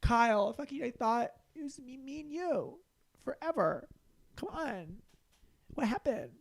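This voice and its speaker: A man's voice: expressive, measured pace, vocal fry, full character voice. A heartbroken young woman, as a man puts her on in a comedy bit, whining and pleading in a voice pushed well above his own. She sounds wounded and hurt. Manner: whiny, pleading, high-pitched.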